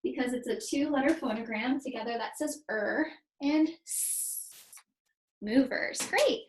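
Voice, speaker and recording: A woman teacher with a high, bright-sounding voice leads young children through a spelling lesson. She speaks slowly and patiently, sounding out each letter and syllable with care. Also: poor audio. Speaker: second grade teacher.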